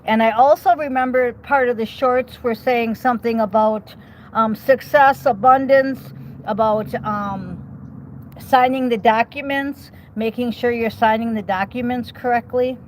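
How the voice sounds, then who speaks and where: A woman speaks a little slowly in a fairly high voice while giving a casual outdoor tarot reading. Chatty and reassuring, she keeps checking in with okays and rhetorical questions, and the low-quality audio has slight background noise.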